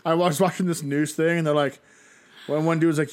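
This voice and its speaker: A man's voice: fairly high pitch, fairly even intonation, fast talker. A man co-hosting a casual podcast, crude and joking, laughing often. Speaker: podcast co-host. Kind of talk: casual chat.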